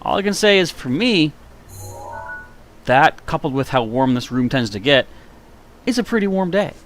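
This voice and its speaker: A man's voice: on the high side, very animated, normal speed, a bit bright, faint music behind. A man streaming a video game live, chatting casually with viewers in a self-mocking way, with a slightly nasal voice. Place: warm room indoors.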